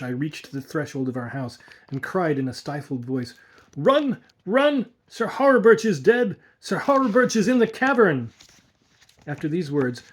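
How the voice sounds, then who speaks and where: A man reading a classic horror story aloud in the first person, measured and dramatic. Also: medium pitch, mellow, breathy edge.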